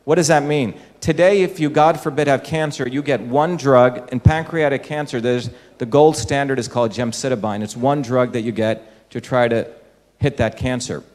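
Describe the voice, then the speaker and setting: Male speaker giving an explanatory public talk, average pitch, recorded with hall reverb. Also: steady tone, normal speed, darkish tone. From India. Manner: explanatory, with rhetorical questions to the audience. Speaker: speaker addressing an audience. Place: large hall with an audience. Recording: echoey hall.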